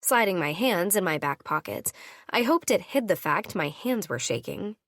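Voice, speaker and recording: Woman reading an audiobook, voice low-ish but bouncy, switches up voices for each character. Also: normal speed, no echo, studio quality. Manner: voices each character with lively shifts in pitch. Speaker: audiobook narrator. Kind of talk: first-person audiobook narration.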